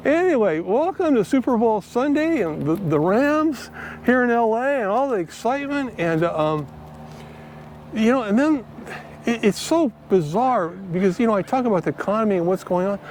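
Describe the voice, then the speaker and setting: A man's voice: high voice, animated, normal speed, darkish tone, a little hiss or hum. A man rambling with lots of fillers as he walks through a park, filming his finance vlog on a handheld phone. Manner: rambling, chatty, with many fillers. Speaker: finance vlogger. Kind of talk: casual walking vlog. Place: outdoors, walking through a park.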